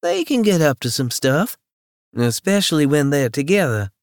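A chatty, outspoken young woman with a lively, frank way of talking, put on by a male audiobook narrator. Her voice sits much higher than his own and sounds close and dry. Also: moderate pace, dry recording. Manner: lively, gossipy, blunt.

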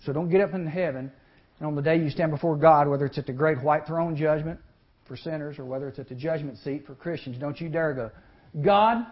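A man preaching to young people, folksy and animated, often asking the crowd questions and acting out the people in the story. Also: fairly high pitch, fast talker. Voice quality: animated, acts out voices in the story. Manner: folksy, talks to the audience with questions. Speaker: youth speaker. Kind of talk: sermon. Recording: muffled lo-fi recording.

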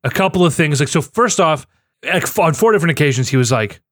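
A young man with a slightly high voice, ranting animatedly in casual conversation. He stumbles and restarts as he gets worked up. The recording is dry, with no room sound. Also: expressive, fast talker, dry recording. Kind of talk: casual chat.

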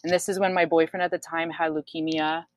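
Low-voiced woman, candid and blunt. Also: little pitch movement, quick pace, dry recording. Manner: frank, swears freely, many fillers. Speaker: guest sharing her story. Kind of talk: candid casual chat.

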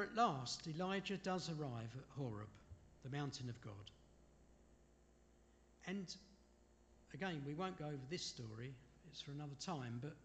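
Male preacher, slightly high voice with a wide, lively pitch, rhetorical questions and apologetic asides. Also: a little hiss or hum. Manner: asks the listeners rhetorical questions. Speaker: preacher leading a Bible study. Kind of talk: sermon.

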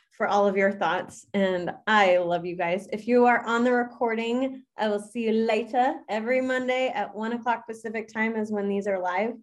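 A woman coach sharing in a casual, heartfelt way, earnest and gushing, full of "like" fillers. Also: mid-range voice. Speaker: fitness coach. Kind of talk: casual heartfelt sharing in a live group session.

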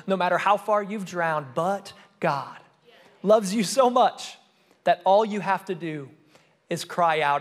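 A young adult man, a student pastor, preaching a sermon with emphatic, repeated phrases that rise and fall in loudness. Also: high-pitched.

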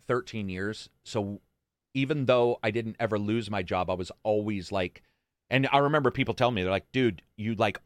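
A man's voice: on the low side, a bit bright, no room sound. A man hosting a casual chat, telling stories in a blunt, profane way. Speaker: podcast host.

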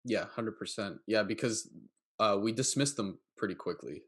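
A man hosting a podcast, chatting casually and telling anecdotes in a relaxed way, with fillers and quick asides. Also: on the low side, breathy edge. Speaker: podcast host.

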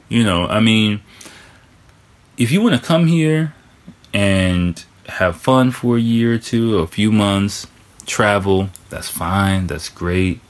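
A man with a fairly low voice talks straight to his listeners in a loose, casual monologue. He is candid and drops curse words freely, like someone chatting on his own podcast. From foreign resident of Japan.

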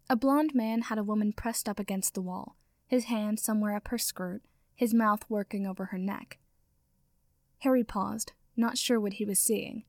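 A woman's voice: medium pitch, vocal fry, dry recording. Woman narrating fan fiction, dry close sound. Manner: casual intro, then steady narration. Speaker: audio fiction reader. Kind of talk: reading fan fiction aloud.

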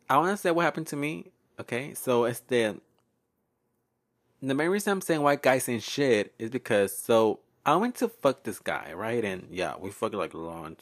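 A young man hosts his podcast alone, telling stories in a sassy, profane way. His pitch swings widely as he talks. He laughs often and drops fillers between sentences. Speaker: podcast host. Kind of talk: casual storytelling monologue.

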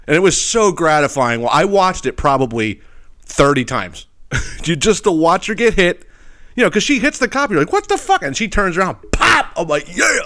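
A man's voice: fairly high pitch, expressive, moderate pace, pushed and bright. A man hosting a podcast, telling stories in a casual, profane rant with lots of filler phrases and laughter at his own jokes. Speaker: podcast host. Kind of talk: casual ranting storytelling.

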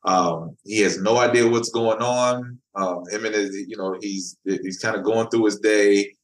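A man's voice: lowish voice, steady tone, measured pace. A man, a comic book writer, chatting casually as a podcast guest and often repeating words as he finds his thought. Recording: echoey room.

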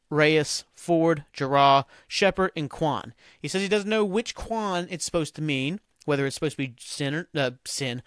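Podcast guy rambling solo, swears a lot, lots of likes and ums, kinda high voice, dry sound. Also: fairly bright tone, clean tone, no echo. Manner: rambling and profane, heavy on "like" and "um". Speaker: podcast host. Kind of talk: casual solo podcast recap.

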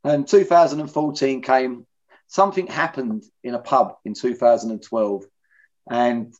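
A man's voice: mid-range voice, darkish tone. A middle-aged man, candidly telling his own story in an interview, blunt and plain-spoken. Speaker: interviewee in recovery. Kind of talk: personal testimony in conversation. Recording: dull lo-fi recording.

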